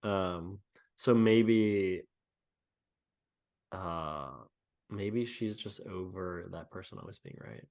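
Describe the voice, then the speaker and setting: A man's voice: low-pitched, takes it slowly, long pauses, a little mellow. A man co-hosting a podcast in casual chat, with dry, jokey asides. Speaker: podcast co-host.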